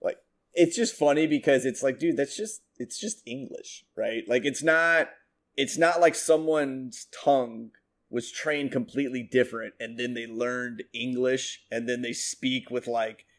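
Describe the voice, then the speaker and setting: A man's voice: mid-range voice, a little slow. A young American man from the United States co-hosting a podcast in casual chat, rambling and swearing with lots of fillers. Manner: rambling, profane, with many fillers. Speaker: podcast co-host.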